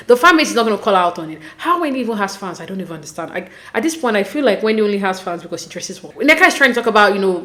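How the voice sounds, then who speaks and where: In her reality TV recap, this woman from Nigeria talks in a mid-range voice, giving casual, lively, opinionated commentary marked by frequent exasperation.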